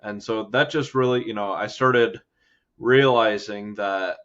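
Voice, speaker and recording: A man from the United States speaking as a guest in an interview, earnest and measured with many fillers. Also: on the low side, fairly bright tone, highs cut off. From USA. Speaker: guest, think tank cofounder. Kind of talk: casual interview talk.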